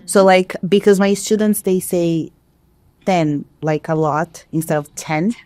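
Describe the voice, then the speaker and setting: Thoughtful Brazilian woman, lowish voice. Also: normal speed, a little mellow, dry recording. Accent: Brazilian Portuguese. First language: Portuguese. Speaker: English teacher. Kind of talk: casual podcast conversation.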